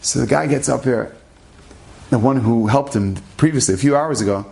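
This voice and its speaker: A rabbi retelling an inspirational story in a lively way, acting out the dialogue. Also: male voice, mid-range voice, normal speed, creaky. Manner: animated, acts out dialogue.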